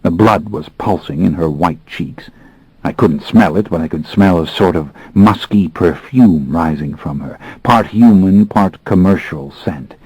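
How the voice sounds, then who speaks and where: Deep husky male audiobook narrator. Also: no echo, rough recording. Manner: measured, brooding, expressive pacing. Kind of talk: first-person audiobook narration.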